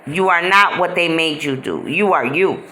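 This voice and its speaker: A woman vlogger delivers a heated monologue straight to camera. Her voice is bright and sharp, and a faint noise sits under it. She speaks bluntly, uses street slang, repeats herself for emphasis and keeps saying "you know". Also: deep voice, moderate pace. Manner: emphatic and repetitive, many "you know" fillers. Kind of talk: impassioned direct-to-camera monologue.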